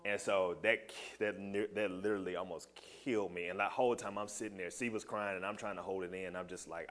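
A man sharing a personal testimony with a small group, telling his story in a loose, animated and heartfelt way. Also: sits low, brisk, hardly any pauses.

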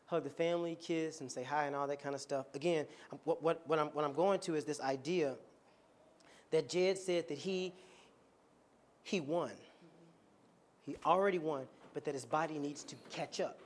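A man preaching a storytelling sermon to his congregation, animated and joking and laughing often as he talks. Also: a little high, normal speed. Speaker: pastor. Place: church before a congregation.

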